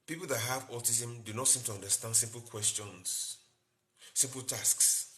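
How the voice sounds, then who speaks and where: Bright-voiced man giving a live health lecture. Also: medium pitch, steady tone, moderate pace. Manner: explains in short repeated phrases, greets viewers by name. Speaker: doctor hosting a live health talk.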